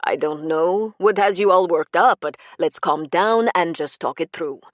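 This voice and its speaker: Brief: a woman doing a slick male swindler in an audiobook, oily charm with menace underneath, low and dry. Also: lively intonation, moderate pace, no room sound, dull audio. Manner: fake charm turning cold and cruel. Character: smooth adult male con man, menacing.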